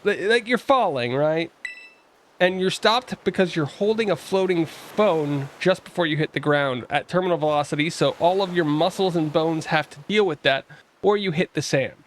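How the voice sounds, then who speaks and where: A man's voice: a little high, moderate pace, slight background noise. A man streaming a video game, talking to his chat in a rambling, joking way with casual asides. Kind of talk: casual live-stream commentary.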